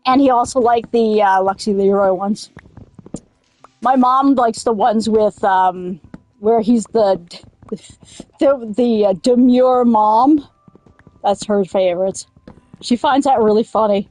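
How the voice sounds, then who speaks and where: A woman's voice: fairly high pitch, takes it slowly, long pauses, darkish tone, soft background music. A woman chatting casually while playing a game, rambling, drifting into silly riffs and swearing at it in sudden angry outbursts. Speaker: gaming streamer. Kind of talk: casual let's-play chat.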